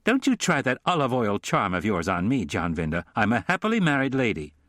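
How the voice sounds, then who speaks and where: A man's voice: medium pitch, huge pitch swings, brisk, fairly bright tone, no room sound, studio quality. A man voicing a cheerful, teasing female medical examiner in an audiobook. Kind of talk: audiobook character voice.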